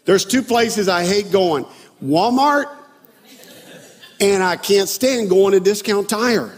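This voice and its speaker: Middle-aged male pastor, high husky voice, self-deprecating storyteller, recorded in a reverberant church hall. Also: takes it slowly. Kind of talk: sermon. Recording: long reverb of a large hall.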